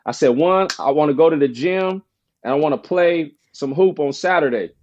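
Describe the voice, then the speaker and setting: A man tells a personal story as a podcast guest, casual and full of slang. He animates the voices of the people he quotes. His voice sits a little high, and the audio is slightly dull and lo-fi. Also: normal speed. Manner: animated storyteller, acts out quoted friends in a higher voice; casual slang, frequent "bro" and "you know".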